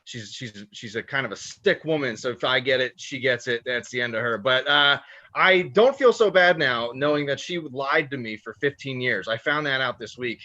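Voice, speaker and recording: A man doing stand-up, telling a long story in a profane, animated way and laughing at his own lines. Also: mid-range voice, moderate pace, highs cut off. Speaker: stand-up comedian.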